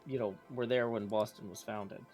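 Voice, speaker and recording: A man's voice: on the low side, steady tone, normal speed. A man streaming live, chatting casually and reading out viewer messages. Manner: chatty, reads out viewer messages and thanks tippers. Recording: faint music behind.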